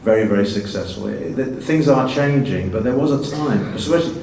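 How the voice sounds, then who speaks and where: A man's voice: mid-range voice, lively intonation, brisk, a little mellow, slight background noise. An English man in his sixties with a slightly Americanized accent, a guest actor telling stories with self-mocking humor in a stage Q&A. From England. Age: 60s. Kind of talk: stage Q&A conversation. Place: festival stage Q&A. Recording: roomy, distant mic, faint ambience.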